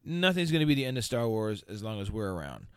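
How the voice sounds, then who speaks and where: A man's voice: lowish voice, big pitch swings, fast talker, smooth, no room sound, clean studio sound. A man hosting a podcast, ranting heatedly with a lot of profanity. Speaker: podcast host. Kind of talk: casual podcast rant.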